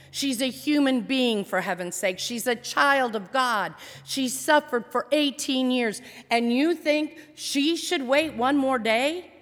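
A woman's voice: a little high, in a large hall. A woman voicing a firm, compassionate teacher rebuking. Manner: intent, rebuking, emphatic.

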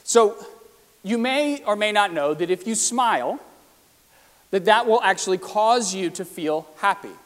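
A man with a high voice gives an explanatory talk with slides, again and again putting rhetorical questions to his listeners. His voice rings out with a long reverb, as if he were recorded in a large hall. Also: expressive, a little slow. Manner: asks the audience many rhetorical questions. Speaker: presenter.

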